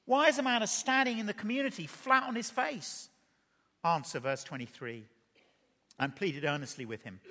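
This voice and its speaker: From the front of a church, a man preaches an animated sermon, repeatedly putting rhetorical questions to the congregation. His voice is high and bright at a normal speed, and a long reverb carries it through the hall.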